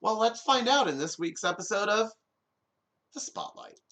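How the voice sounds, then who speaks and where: A man's voice: high voice, animated, a little fast, pushed and bright. A man hosting a podcast alone, giving comedic commentary with jokey, sarcastic asides. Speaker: podcast host.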